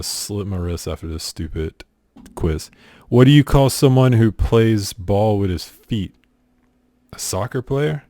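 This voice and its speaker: A man's voice: sits low, mellow, no echo. A man with a South Carolina accent reads quiz questions aloud and answers them in a dry, sarcastic, exasperated way. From southern United States. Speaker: streamer. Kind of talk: casual accent-tag challenge, reading questions aloud.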